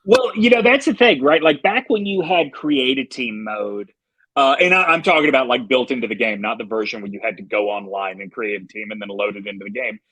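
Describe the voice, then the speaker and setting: A man's voice: medium pitch, a little fast, bright, forceful tone, no echo, rough recording. A man co-hosting a podcast, chatting casually and playfully riffing on jokes. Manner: playful, laughing, riffs on jokes. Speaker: podcast co-host. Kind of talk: casual chat.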